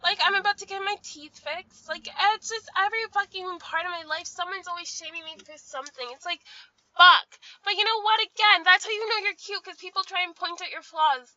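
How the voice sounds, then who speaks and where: Young woman vlogger, profane venting rant, sharp bright tone, muffled recording. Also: very high-pitched, fairly quick, no room sound. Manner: profane, ranting, frequent "like". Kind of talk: casual venting monologue.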